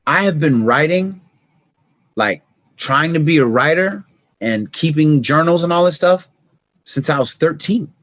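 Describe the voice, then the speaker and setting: A middle-aged man, a podcast guest, telling stories in casual conversation, acting scenes out with sound effects and turning soft and reflective on emotional points. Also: a little high, expressive, a little slow, pauses often, no echo, muffled recording.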